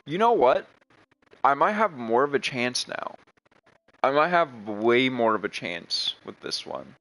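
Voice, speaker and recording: A man's voice: mid-range voice, big pitch swings, measured pace, fairly bright tone, rough recording. A young man chatting casually while playing a video game, rambling with many restarts. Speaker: gaming streamer.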